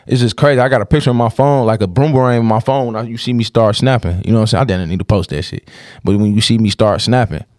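A man's voice: lowish voice, fast, darkish tone, no echo, clean studio sound. A man candidly telling a rambling personal story in casual podcast talk, with plenty of cursing.

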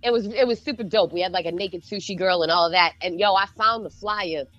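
A woman's voice: medium pitch, brisk, dry recording, soft background music. Boston woman telling stories, dry lo-fi sound. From Boston North Shore. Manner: animated, profane storyteller. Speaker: DJ guest. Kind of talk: casual podcast chat.

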